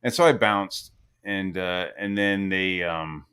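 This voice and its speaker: A man's voice: low-pitched, slow pace, a bit bright, smooth. A young man hosting a podcast, telling rambling stories in casual, profane chat and quoting himself along the way. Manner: profane, rambling storyteller who quotes himself. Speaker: podcast host.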